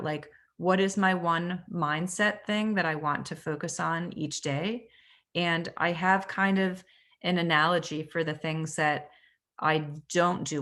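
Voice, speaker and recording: Her pitch sits fairly low and her tone is fairly bright, with a Canadian accent coming through. As a real estate agent leading an informal training over video, she keeps things conversational, quizzes her audience, and fills pauses with frequent ums.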